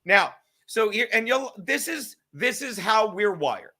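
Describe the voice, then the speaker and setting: New york guy hosting, bright high voice, tells stories fast and loud, swears a lot. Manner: animated storyteller, swearing, quick asides. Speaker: podcast host and comedian. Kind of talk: casual chat.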